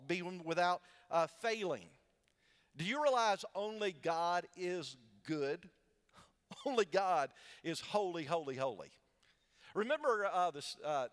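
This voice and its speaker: Man, pastor, high voice, sermon, call-and-response questions to the congregation, long church reverb. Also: a bit bright. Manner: call-and-response preaching, asks the congregation to answer. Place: large church sanctuary with balcony.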